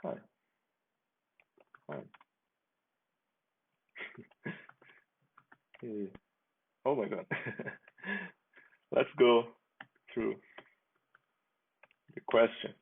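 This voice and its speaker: Male developer, casual screen-demo delivery, unhurried and creaky, thin lo-fi phone-like audio. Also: mid-range voice. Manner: relaxed, chatty, with frequent restarts and small laughs. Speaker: software developer demoing his app. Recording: tinny phone-like sound.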